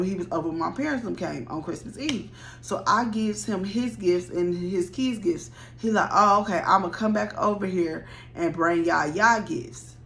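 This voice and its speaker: Animated woman telling a story time. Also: mid-range voice. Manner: animated, blunt, swears freely, addresses viewers directly.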